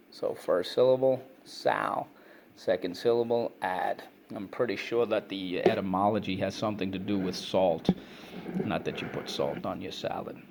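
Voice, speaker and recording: A man's voice: on the low side, slight background noise. A man teaching a phonics and vocabulary lesson to children, drilling words and praising answers. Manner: brisk, repetitive drilling, prompts and praises listeners. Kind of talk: online reading lesson for kids.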